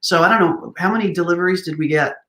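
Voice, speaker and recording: A woman host with a fairly low voice leads a friendly chat and laughs readily between her questions. Her voice carries the reflection of an echoey room. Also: fast, fairly bright tone. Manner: enthusiastic, laughs easily, asks prompting questions. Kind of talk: casual interview chat.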